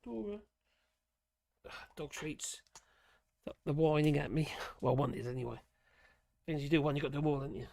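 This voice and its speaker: A host talks through a live stream in a loose, rambling way, stopping to read out chat messages. The voice sits at an ordinary middle pitch, and the delivery is casual and meandering. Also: fairly quick, vocal fry, pauses often, darkish tone. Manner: rambling, chatty, sighs and laughs between remarks. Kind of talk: casual commentary reading out chat.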